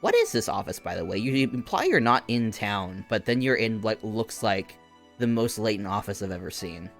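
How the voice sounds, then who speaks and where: A man's voice: fairly low pitch, sing-song, normal speed, faint music behind. A young man streaming a game, chatting casually and rambling with lots of fillers.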